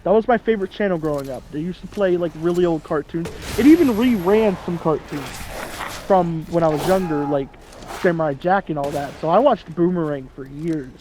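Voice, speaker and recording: Chatty young man with a high voice. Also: dark tone, a little hiss or hum. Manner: rambling, self-amused, quick to laugh at his own jokes. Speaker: gaming channel host. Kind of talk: casual let's-play commentary.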